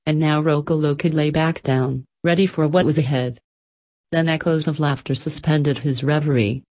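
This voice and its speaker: Low-voiced woman gently narrating a storybook.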